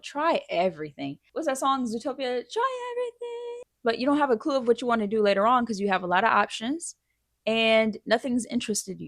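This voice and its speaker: Woman, thirties, casual advice vlogger with a blunt, swear-happy delivery, mid-pitched, close and dry. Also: gravelly, no echo. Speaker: advice vlogger answering viewer questions.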